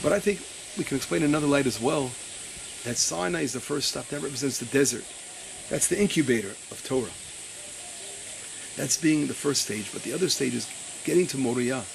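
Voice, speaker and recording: A male rabbi teaching Torah. He stops to search his papers, stumbles and repeats words, and reads his quotes slowly with weight. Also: medium pitch, vocal fry, a little hiss or hum. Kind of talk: Torah lesson.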